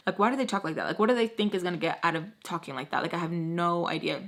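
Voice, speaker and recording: A woman's voice: on the low side, brisk, hardly any pauses, a bit bright. A young adult woman vlogger casually telling a personal story, chatty and full of fillers. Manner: chatty, filler-heavy, acts out quoted dialogue.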